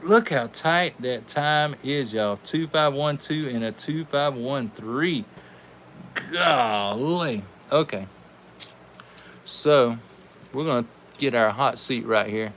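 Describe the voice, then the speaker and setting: A man's voice: mid-range voice, takes it slowly, a little hiss or hum. Folksy Southern man calling toy races. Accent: Southern American. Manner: folksy, animated, chatty with viewers. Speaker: live stream host of toy car races. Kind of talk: live race commentary.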